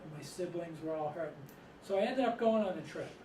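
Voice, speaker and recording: A fast-talking middle-aged author and storyteller from Massachusetts, his voice fairly high, rambles through anecdotes before a live audience and chuckles along the way. He's recorded from some distance in an echoey room, over a constant layer of noise.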